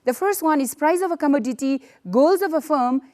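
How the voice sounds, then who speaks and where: A woman's voice: high-pitched, fairly quick, darkish tone. A woman teaching an economics lesson, explaining step by step with frequent fillers and repetitions. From Bhutan. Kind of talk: recorded classroom lesson.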